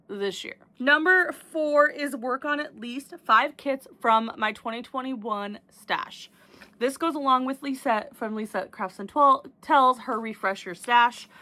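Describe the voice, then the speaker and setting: A woman's voice: a little high, pushed and bright. A young woman chatting casually to camera about her crafting goals, rambling with restarts and fillers. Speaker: diamond painting vlogger.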